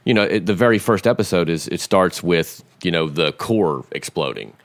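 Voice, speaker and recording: Brief: deep male podcast host, animated, profane, dry close recording. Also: moderate pace, no room sound. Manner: profane, animated storyteller who acts out quotes. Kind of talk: casual chat.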